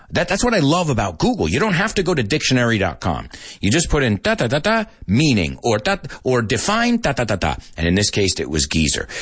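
Male English teacher, husky low voice, very expressive delivery, dry sound. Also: dry recording. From United States. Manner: animated, mixing in Spanish asides. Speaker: English teacher and show host. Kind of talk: casual live-stream lesson.

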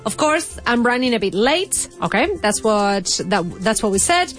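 Lively, high-voiced woman. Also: soft background music. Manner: playful, animated, quick to tease. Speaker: co-host of an English lesson podcast. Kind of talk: casual teaching chat.

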